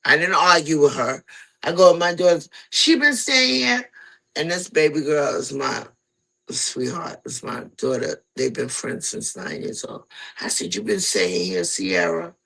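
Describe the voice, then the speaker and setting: A middle-aged woman spins a personal story in easy, casual chat and slips into the voices of the people she quotes. Her voice is gravelly and husky, with a bright, pressed edge. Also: low-pitched, a little slow, low-quality recording. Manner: animated, acts out quoted voices. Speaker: guest telling her story.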